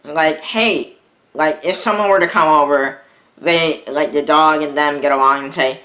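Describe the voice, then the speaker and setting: Slow, halting young man vlogging. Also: fairly high pitch, sharp tone. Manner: halting, rambling, frequently restarts sentences. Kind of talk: personal storytelling to camera.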